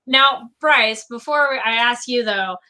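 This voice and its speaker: A woman hosts a relaxed discussion with a fairly high, very bright voice. She talks in an animated way, slipping into quoted character lines as she goes. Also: slow pace, poor audio. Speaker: host. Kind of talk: casual discussion.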